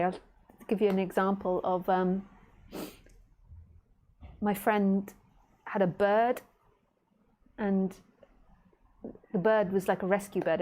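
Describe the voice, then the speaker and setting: A middle-aged woman teacher giving a casual online talk from home, chatty and warm with her listeners, laughing easily. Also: mid-range voice. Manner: chatty, laughing, baby-talks to her pet. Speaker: spiritual teacher.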